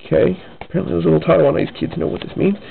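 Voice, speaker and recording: A man casually reads his own comic aloud, drifting into rambling asides. His voice is fairly high and gravelly. It comes through tinny and phone-like. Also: flat delivery, very fast, a little hiss or hum.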